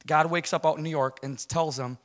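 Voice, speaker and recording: Brief: quick-talking middle-aged man, fairly high voice, lively church testimony. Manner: storytelling, acts out quotes, casual slang. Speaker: guest speaker giving a testimony. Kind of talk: animated spoken testimony.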